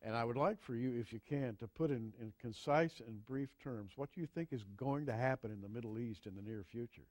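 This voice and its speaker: A man hosting an interview, asking measured, halting questions. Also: mid-range voice, darkish tone, dry recording. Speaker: host.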